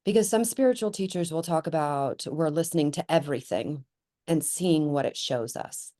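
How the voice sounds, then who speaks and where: A middle-aged woman with a low voice gives a loose, unscripted spiritual talk. Her tone is mellow and soft-edged. She thinks aloud as she goes, wandering between ideas with fillers and restarts. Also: moderate pace. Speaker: spiritual teacher. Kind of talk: spontaneous spoken teaching.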